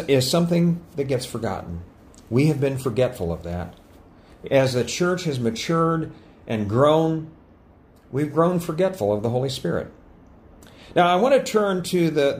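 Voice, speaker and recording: A man delivering a church sermon in a somewhat high voice that swings widely in pitch as he tells stories and teaches. He stumbles into small restarts now and then, keeping an easy, talking-to-the-congregation feel. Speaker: pastor.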